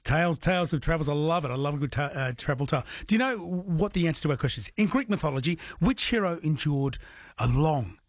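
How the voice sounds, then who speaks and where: A man hosts an overnight radio quiz, chatting easily and laughing along with his callers. His voice is slightly husky and sits a little high for a man. The studio sound is close and dry. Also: animated, fast talker, no echo. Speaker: radio host. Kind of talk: late-night radio quiz chat. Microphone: studio microphone.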